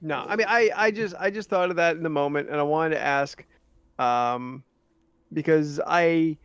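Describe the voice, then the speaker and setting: A man's voice: fairly high pitch, moderate pace, a bit bright, smooth. A man co-hosting a podcast, rambling in casual chat with lots of ums and restarts. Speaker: podcast co-host.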